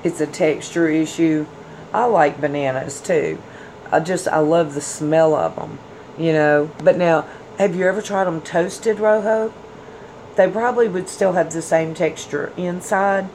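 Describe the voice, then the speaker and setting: A woman's voice: deep voice, measured pace, a little mellow, slight background noise, poor audio. Chatty woman livestreaming. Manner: chatty, folksy, addresses viewers as y'all and hon. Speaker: tarot livestream host. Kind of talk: casual livestream chat reading comments.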